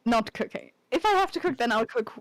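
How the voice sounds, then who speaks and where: A woman takes part in a casual tabletop game and jokes about herself in a playful way. Her voice is a little high, and it comes across dry and close. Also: lively intonation, fairly quick, no echo, poor audio. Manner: playful, self-mocking. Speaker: player. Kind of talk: casual tabletop role-play.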